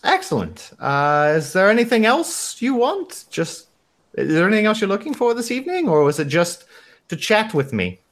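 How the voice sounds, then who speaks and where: A courteous young hotel receptionist speaks with a mock German accent, formal and a little flustered, in a man's put-on voice. She sounds higher than her performer and lilts widely from phrase to phrase. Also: sing-song, normal speed. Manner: prim, apologetic, formal.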